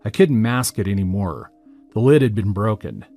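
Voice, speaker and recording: Man, low voice, story narrator, steady matter-of-fact reading. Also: normal speed, faint music behind. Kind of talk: scripted narration of a first-person story.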